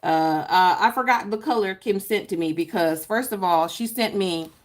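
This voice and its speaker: A chatty woman talks through her planner setup on a live stream and greets viewers by name as she works. She drawls some words and her voice swoops up high when she gets excited. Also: normal speed. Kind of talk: casual live-stream chat while crafting.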